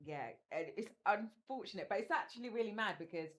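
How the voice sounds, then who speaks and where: A woman's voice: medium pitch, fairly quick. A woman chatting casually on a podcast about a reality show she is in, talking in long run-on stretches and often asking "do you know what I mean". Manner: chatty, animated when quoting others. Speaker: reality show cast member.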